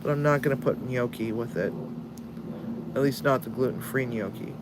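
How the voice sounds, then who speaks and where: Speaking at a normal speed in a mid-range voice, this man hosts a cooking channel against a noisy background. His talk is casual and tired, with frequent laughter and the odd swear word.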